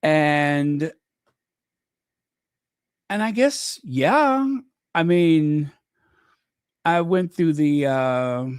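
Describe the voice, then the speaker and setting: A man's voice: a little high, animated, extremely slow, long pauses, smooth, no echo. A man hosting a casual livestream, chatting in a rambling way with many fillers and restarts, close to the mic. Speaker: channel host.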